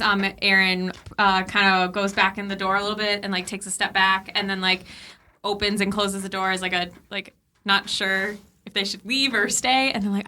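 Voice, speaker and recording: A woman's voice: mid-range voice, flat delivery, normal speed, bright, forceful tone. A woman playing a tabletop game, describing her character's actions hesitantly with many fillers. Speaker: player.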